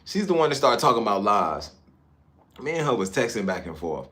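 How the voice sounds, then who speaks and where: A man from Newark, New Jersey, livestreaming casually from a high-rise hotel room on his phone and chatting with viewers about their comments. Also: very animated, brisk, pushed and bright. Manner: laid-back, chatty, drifts between comments. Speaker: livestream vlogger.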